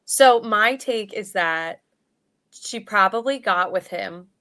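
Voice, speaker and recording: A woman's voice: mid-range voice, lively intonation, slow pace, fairly bright tone. A woman in her thirties hosting a podcast, chatting casually about reality television with many "like" fillers. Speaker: podcast host. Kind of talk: casual chat.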